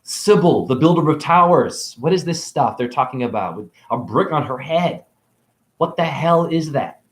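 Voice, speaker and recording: A man with a fairly high voice delivers a meandering spiritual monologue, leaping between ideas and talking in circles. He swears casually as he goes. The sound bounces around a reverberant room. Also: expressive, normal speed. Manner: rambling, talks in circles, swears. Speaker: spiritual video creator. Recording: echoey room.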